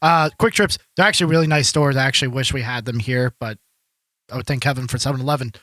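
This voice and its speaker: A man's voice: medium pitch, quick pace, fairly bright tone, no room sound. A man co-hosting a podcast in casual chat, telling rambling stories full of fillers. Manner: rambling storyteller, many fillers. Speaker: podcast co-host.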